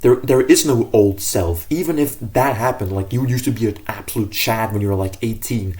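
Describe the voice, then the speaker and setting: A man's voice: fairly low pitch, moderate pace, darkish tone. A man giving casual self-improvement advice to camera in an earnest, rambling way, often correcting himself mid-sentence.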